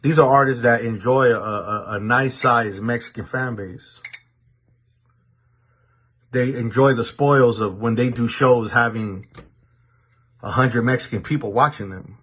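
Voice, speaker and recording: A man with a husky, slightly breathy voice talks straight to his viewers in a monologue. His tone is deliberate and stern, and he often repeats words as he restarts a sentence. He comes from the Los Angeles area. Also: medium pitch, fairly bright tone. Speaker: commentator addressing viewers. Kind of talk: direct-to-camera monologue.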